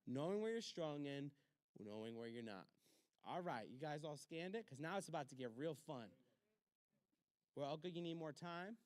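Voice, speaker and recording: Man, pastor teaching a leadership class, punchy repeated commands, fairly high voice, dry close sound. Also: animated, dry recording. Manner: punchy, repeats short commands, acts out quick exchanges. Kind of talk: church leadership lesson.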